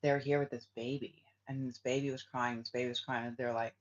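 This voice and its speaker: A man's voice: medium pitch, level tone, brisk. Rambling, swearing man on a dull lo-fi recording. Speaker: spiritual reader and vlogger. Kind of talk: casual rambling monologue. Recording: dull lo-fi sound.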